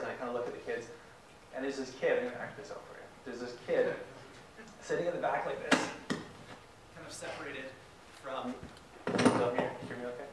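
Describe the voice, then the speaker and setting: In a large hall with echo and faint ambience, a young Canadian guest speaker's mid-range, fairly bright voice reaches a distant mic with slight background noise. His tone is steady and a little fast, broken by long pauses, as he enthusiastically tells a story and acts out the quotes.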